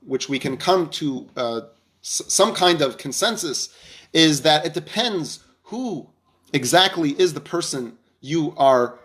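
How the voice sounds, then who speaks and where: A man with a fairly high voice tells a story as part of a Torah lesson. He acts out the dialogue and often restarts his sentences. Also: animated, unhurried, fairly bright tone. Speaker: rabbi teacher.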